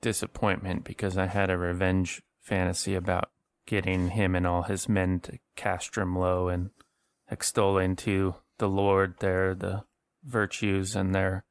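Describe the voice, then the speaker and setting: A man playing a tabletop game, chatting in a relaxed way. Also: sits low, unhurried, smooth, dry recording. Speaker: player. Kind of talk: casual tabletop play.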